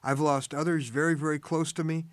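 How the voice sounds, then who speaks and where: A man's voice: a little high, flat delivery, fairly quick, no echo, studio quality. An older man hosting a short radio devotional, telling a family story with earnest, tender emphasis.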